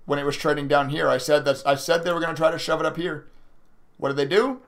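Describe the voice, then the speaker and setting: A young man talks to his live-stream chat while he trades, his voice gravelly and pitched a little high. He vents his frustration, swearing and reacting to viewers' messages in a loose, casual way. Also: fast talker. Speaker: day trading livestreamer.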